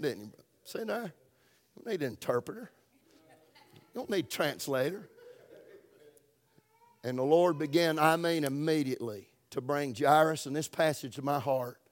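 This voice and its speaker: Southern preacher guy, middle-aged, folksy and emphatic, bit higher voice, goes loud then soft. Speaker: pastor. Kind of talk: sermon.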